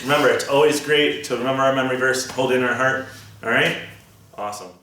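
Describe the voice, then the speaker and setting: A man leading children through a memory verse call-and-response, quick and playful in how he prompts them. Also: mid-range voice, fairly even intonation, pushed and bright. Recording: echoey room from far off with hiss.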